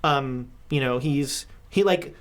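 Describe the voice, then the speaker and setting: A woman narrating a tabletop game as game master, in a meandering, halting way. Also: extremely low pitch.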